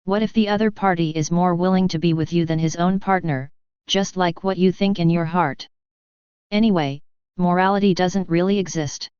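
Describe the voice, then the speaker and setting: A woman voicing a seductive, cruel female succubus demon who speaks softly and coquettishly in an audiobook. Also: fairly low pitch, fairly even intonation, normal speed, smooth, dry recording, muffled recording, close to an everyday voice. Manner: soft, coquettish and teasing.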